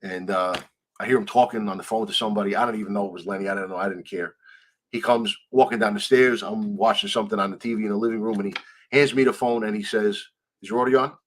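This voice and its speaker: This guest in a conversational interview has a lowish voice and talks fast. Animated as he tells his story, he voices the people he quotes and doesn't hold back on swearing.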